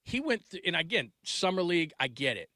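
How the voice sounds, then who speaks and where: Man in his 40s, sports talk host: forceful bright voice, slightly high, dry close sound, loose rambling delivery. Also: sing-song, brisk, no echo. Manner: rambling, restarts sentences, trails off mid-thought; gets loud and laughing when telling family stories.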